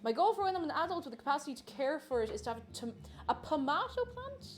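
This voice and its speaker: A woman's voice: high voice, big pitch swings, quick pace, soft background music. A woman chatting casually and giggling as she cooks at home and greets her viewers by name. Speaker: cooking livestreamer. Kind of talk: casual cooking livestream chat. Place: home kitchen.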